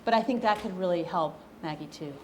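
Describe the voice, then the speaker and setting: A woman author answering audience questions after a lecture, chatty and animated, laughing easily, in an echoey hall. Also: lowish voice, fairly quick, a little hiss or hum. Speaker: author and guest speaker.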